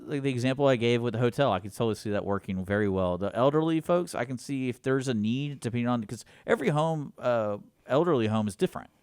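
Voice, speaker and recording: A man's voice: medium pitch, animated, fast, few pauses, a little mellow, smooth, no room sound, clean studio sound. A man co-hosting a community radio talk show, chatting casually in a rambling way, often restarting his sentences and leaning on "I mean" and "like". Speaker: co-host.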